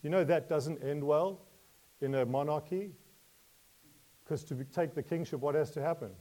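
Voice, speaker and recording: A man preaches a sermon, putting questions to his listeners and laughing lightly between points, shifting from quiet asides to loud emotional pleas. His pitch is fairly high and his pace moderate.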